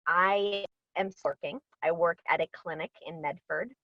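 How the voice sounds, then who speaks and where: A woman's voice: fairly low pitch, moderate pace, dry recording. A woman, an actress, chatting in an interview over a video call, bubbly and full of ums and laughs. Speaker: actress guest. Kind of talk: casual interview chat. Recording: dull, dry lo-fi audio.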